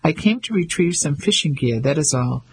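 A man's voice: fairly high pitch, lively intonation, normal speed, slightly rough, low-quality recording. A man voicing a self-assured, mocking male fisherman who teases and bluffs in an audiobook reading. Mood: teasing. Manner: mocking, confident.

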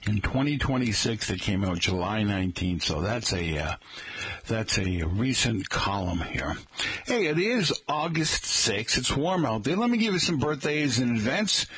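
A man's voice: mid-range voice, sing-song, normal speed, fairly bright tone, slightly rough, no echo. A middle-aged man from the Boston area hosting a rambling, chatty talk monologue and calling his listeners folks.

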